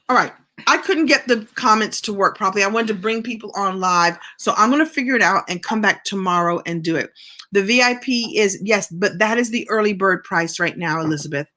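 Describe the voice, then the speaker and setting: A woman's voice: medium pitch, brisk, pushed and bright. A middle-aged woman coaching in a casual live stream, chatty and encouraging as she answers viewer comments. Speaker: business and writing coach.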